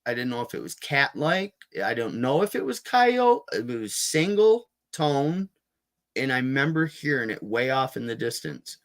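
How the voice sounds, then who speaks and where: A man's voice: medium pitch, very animated, normal speed. Adult man, interview guest, loose rambling storyteller with restarts and fillers, mid-range voice. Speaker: guest, Bigfoot field researcher. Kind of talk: casual storytelling in a podcast interview.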